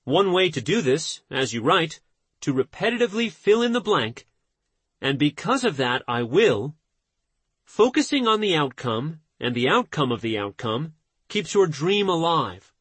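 A man narrating a nonfiction audiobook in a measured, steady reading voice. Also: on the high side, husky, no room sound.

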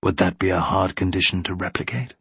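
A man voicing a gallant naval captain in a period story, measured and restrained. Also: low voice, a bit bright, husky, no echo, pitched below the performer's own voice, exaggerated voice. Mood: gentle.

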